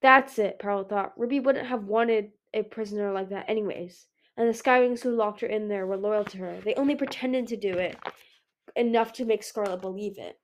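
An amateur audiobook reader, this woman narrates a fantasy novel in a mid-range, darkish voice at a fairly quick pace. She slips often, occasionally stumbling and starting words over.

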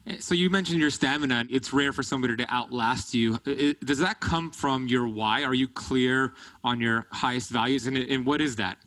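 A man hosting a podcast, asking quiet, probing questions. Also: mid-range voice, moderate pace, hardly any pauses, no echo, poor audio. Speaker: podcast host. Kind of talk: interview questions.

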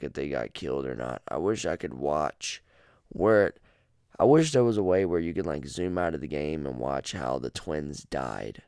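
A man with a very deep voice rambles through a casual podcast chat, swearing freely and joking around. The sound is dry and close, with no room in it. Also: darkish tone, clear, resonant tone, no echo. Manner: rambling, profane and jokey. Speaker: podcast host. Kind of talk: casual chat about a horror game.

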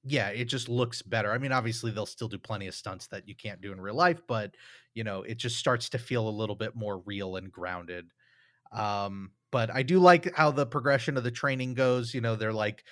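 A man's voice: lowish voice, moderate pace, fairly bright tone, no room sound, clean studio sound. A man co-hosting a podcast, talking through a film in a casual, thoughtful, rambling way with many fillers. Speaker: podcast co-host.

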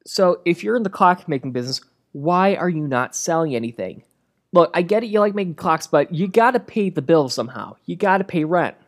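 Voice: mid-range voice, lively intonation, fairly quick. A movie reviewer delivering a comedic rant in a sarcastic, crude and exasperated way.

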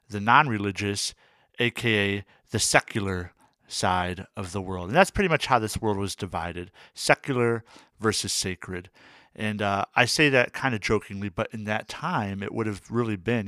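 Low-ish guy with a bright, punchy voice, chatting through a history lesson on a podcast, dry sound. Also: no echo. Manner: loose and chatty, with many fillers and asides. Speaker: podcast co-host explaining music history. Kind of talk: casual educational chat.

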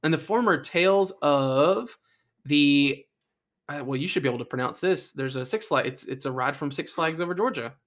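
A man with a fairly high voice co-hosts a relaxed podcast. He reads out facts, then drifts into jokes and small asides. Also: moderate pace. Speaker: podcast co-host. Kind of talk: casual chat.

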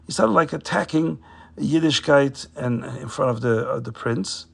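Man, storyteller, casual retelling, fillers, gravelly, husky. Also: fairly high pitch, normal speed, a bit bright.

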